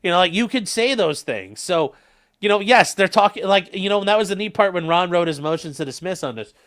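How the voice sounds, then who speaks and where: A bright, forceful male voice with a lively, swinging pitch, rambling casually through a livestream. He reads viewer comments and chats in a loose, conversational way, full of fillers and restarts. The delivery sits on the higher side for a man. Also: a little fast.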